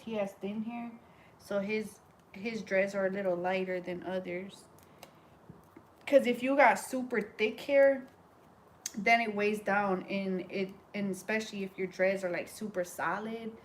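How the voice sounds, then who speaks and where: A woman hair braider talking casually while she works, telling an animated, slangy story and chatting to her viewers. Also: medium pitch, slight background noise. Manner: animated, slangy, acts out quoted voices; chatty, talks to viewers as y'all.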